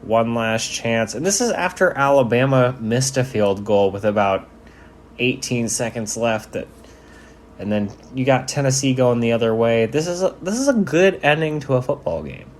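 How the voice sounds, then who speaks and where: This man offers laid-back, joking commentary over game footage, cursing freely as he goes. His voice is mid-range, with a bit of hiss or hum in the recording.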